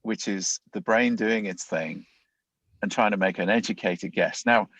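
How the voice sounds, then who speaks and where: A man's voice: fairly low pitch, a little slow, fairly bright tone, no room sound, poor audio. A man, a leadership coach, explaining ideas in a conversational interview, often acting out inner thoughts as quoted voices.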